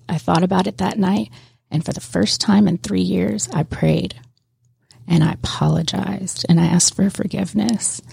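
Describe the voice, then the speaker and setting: A woman's voice: lowish voice, creaky, dark tone, breathy edge, no echo, clean studio sound. A woman from Mississippi, a guest in a conversation, telling a candid personal story with emotion, frequent laughs and restarts.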